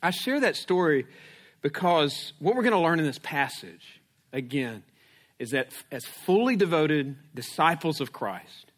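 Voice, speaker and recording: A man preaching a sermon, telling a family story with lots of restarts and "right?" check-ins, then reading scripture aloud. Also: fairly high pitch. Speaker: pastor.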